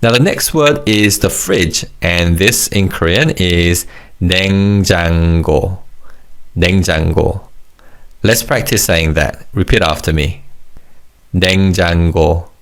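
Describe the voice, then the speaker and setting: A man teaching a recorded language lesson, encouraging and modeling words slowly for learners to repeat. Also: low voice.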